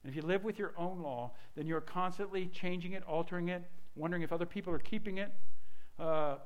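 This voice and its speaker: A man's voice: fairly quick, poor audio. A middle-aged male pastor preaching a sermon in a conversational way, mixing scripture with funny personal stories. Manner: conversational preaching with humorous personal stories, pitch rising and falling widely.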